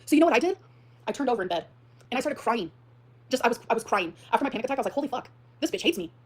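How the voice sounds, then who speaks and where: A woman's voice: fairly high pitch, expressive, very fast. A woman ranting dramatically in a vlog, swearing often and telling a heated personal story. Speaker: streamer in a clip being reacted to.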